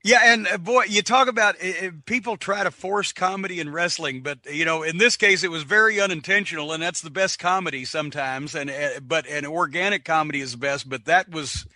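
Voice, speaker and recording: An older man, a wrestling manager, telling animated stories in a casual podcast and slipping into voices to act out moments. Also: on the high side, brisk, hardly any pauses, no room sound, studio quality. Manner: animated storyteller, does voices when retelling. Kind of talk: podcast storytelling.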